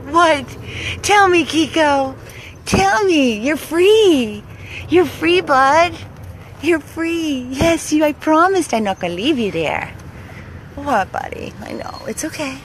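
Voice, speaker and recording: A woman with a high, light voice films herself rescuing an old dog, cooing baby talk at him and speaking earnestly to her viewers. She talks slowly and takes her time. The phone recording is noisy, with clear street and car sound behind her. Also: fairly bright tone. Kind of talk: casual vlog, talking to camera and to a dog. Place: outdoors by a car, then inside the car.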